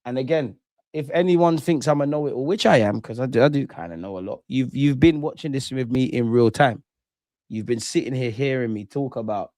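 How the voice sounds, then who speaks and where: A man's voice: mid-range voice, no echo, studio quality. Banter-heavy young man streaming. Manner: excitable, banter-heavy, trash-talking. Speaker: streamer hosting a football watch-along. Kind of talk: casual live commentary, chatting with viewers.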